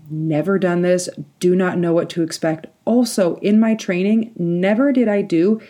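Young adult woman hosting a solo podcast, a mellow, lowish voice, casual and animated storytelling. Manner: lively personal storytelling with frequent likes and laughs. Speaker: podcast host.

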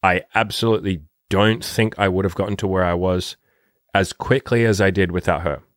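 Profane, rambling low-voiced man. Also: fairly even intonation, normal speed, dry recording, clean studio sound. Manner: blunt, profane, rambling with many fillers. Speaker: dating coach. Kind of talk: casual vlog monologue.

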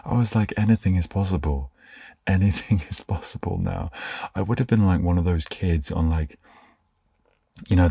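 A young man hosting a sleepy podcast, rambling softly and trailing off. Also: rumbling low, vocal fry, slightly rough, no room sound, studio quality. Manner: meandering, soft-spoken, trails off. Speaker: podcast host.

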